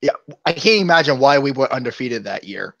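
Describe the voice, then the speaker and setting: A man's voice: mid-range voice, animated, brisk, vocal fry, fairly bright tone, no echo, highs cut off. A man chatting casually on a live show, telling long rambling stories and chuckling often.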